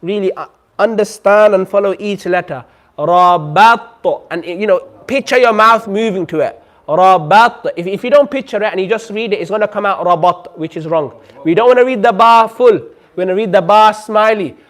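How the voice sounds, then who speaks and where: High-voiced man teaching a recitation class. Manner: patient, models sounds slowly for the class to repeat. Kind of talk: classroom lesson. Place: community centre classroom.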